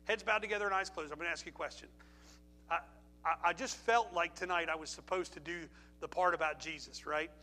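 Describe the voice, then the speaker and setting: A man's voice: fairly high pitch, fairly quick, bright, forceful tone, faint music behind. A middle-aged man preaching a sermon, telling stories with emphasis and repeating phrases before an altar call. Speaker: pastor.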